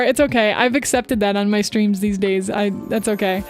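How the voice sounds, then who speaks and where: A young woman streaming as a VTuber, talking fast and chatty to her chat while giving voice tips. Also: medium pitch, steady tone, faint music behind. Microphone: close desk microphone.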